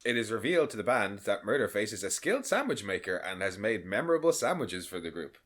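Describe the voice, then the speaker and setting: A man's voice: lowish voice, big pitch swings, fairly bright tone. A man co-hosting a podcast, chatting casually about a cartoon episode and often laughing and slipping into character voices. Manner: laughing, jumps into quick impressions of characters. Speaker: podcast co-host.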